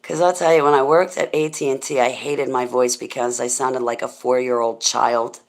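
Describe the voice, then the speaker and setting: A middle-aged woman with a deep, smoky voice, hosting a rambling, goofy livestream chat and thanking viewers as she goes. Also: fairly even intonation, normal speed. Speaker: livestream host.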